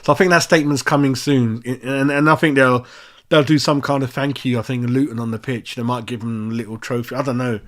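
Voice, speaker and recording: A man's voice: medium pitch, steady tone, fairly quick, a bit bright. Sweary man ranting. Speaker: fan channel host. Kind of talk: casual match-reaction chat.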